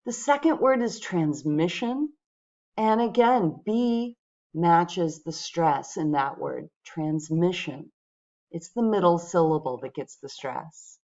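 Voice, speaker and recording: Slow, patient woman teaching English. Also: fairly low pitch, lively intonation, mellow, dull audio. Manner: patient, clear, addresses viewers directly. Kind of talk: pronunciation lesson.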